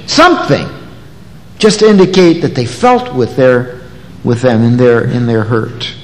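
A man preaching an expository sermon, animated, acting out the voices of the people in the passage. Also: medium pitch, measured pace. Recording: long echoey hall reverb.

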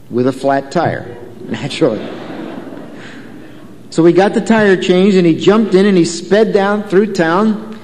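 Man preaching, kinda high voice, chatty, storytelling, echoey church hall. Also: darkish tone. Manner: conversational, asks the congregation questions. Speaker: pastor. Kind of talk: sermon.

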